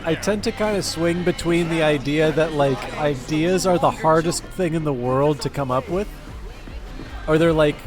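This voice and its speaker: A man's voice: fairly high pitch, normal speed, music in the background. A man streaming a game, chatting casually and rambling with many fillers and restarts. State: mouth full of food. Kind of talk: casual live-stream chat.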